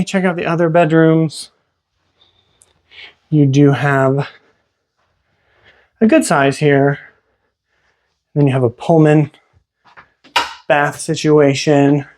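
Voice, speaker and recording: A realtor narrates a casual walk-through inside a house, moving from room to room with chatty, enthusiastic exclamations. His voice is on the high side yet darkish, steady in tone, and he speaks slowly with long pauses.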